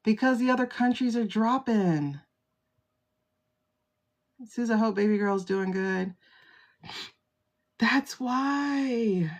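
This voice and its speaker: A woman reading tarot cards live into a phone, and she takes her time, drawing her words out at an unhurried pace. She is chatty and exclamatory and greets her viewers by name between cards. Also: fairly high pitch. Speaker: tarot reader livestream host. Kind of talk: casual livestream tarot reading.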